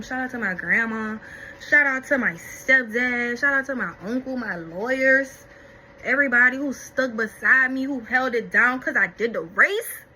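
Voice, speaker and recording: Bright-voiced chatty young woman vlogger. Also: fairly high pitch, slight background noise, low-quality recording. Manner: animated, chatty, addresses viewers as y'all. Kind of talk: casual story-time chat.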